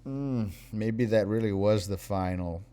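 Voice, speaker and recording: A tired young man live-streaming, reading viewer messages aloud in a wry, unhurried way. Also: on the low side, warm tone.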